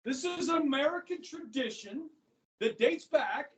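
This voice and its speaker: High-voiced Kansas man teaching class. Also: expressive, measured pace. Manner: chatty, checks in with frequent "okay?". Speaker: history teacher. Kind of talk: casual classroom lecture. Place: school classroom. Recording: echoey classroom from far off.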